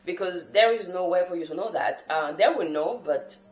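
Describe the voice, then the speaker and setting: Low-voiced chatty woman vlogging to camera. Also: moderate pace, roomy sound, soft background music. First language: not English. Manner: rambling, chatty, self-correcting. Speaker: language-learning vlogger. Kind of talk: unscripted casual talk to camera. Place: sitting on the floor in a room at home. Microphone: camera mic.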